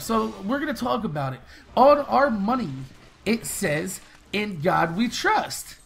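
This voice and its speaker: A young man hosting a gaming video, talking fast and rambling casually with lots of swearing. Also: very high voice, expressive, creaky, fairly bright tone. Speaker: gaming channel host. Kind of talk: casual commentary over gameplay.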